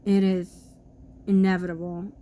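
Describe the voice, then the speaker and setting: A woman's voice: fairly low pitch, level tone, a little slow, mellow, slight background noise. A woman recovering from illness, talking in a chatty, rambling way with lots of fillers and self-corrections in a casual vlog from her apartment. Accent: New York. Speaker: vlogger.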